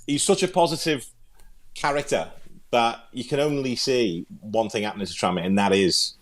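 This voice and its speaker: A man's voice: medium pitch, moderate pace. A man with a Liverpool accent, co-hosting a football podcast in casual, rambling chat, often repeating words as he thinks. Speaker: podcast co-host and pundit.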